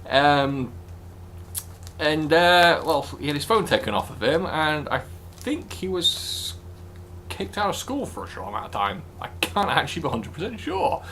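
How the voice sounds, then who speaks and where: A man's voice: a little high, sing-song, normal speed, pushed and bright, a little hiss or hum. A young man telling a personal story casually, in a rambling, hesitant way full of fillers. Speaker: vlogger.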